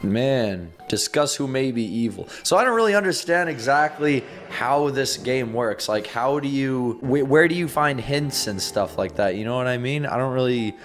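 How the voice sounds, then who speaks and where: A young man hosting a game video, commenting in an excitable, jokey way and laughing often. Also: mid-range voice. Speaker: gaming video host. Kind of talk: let's-play commentary.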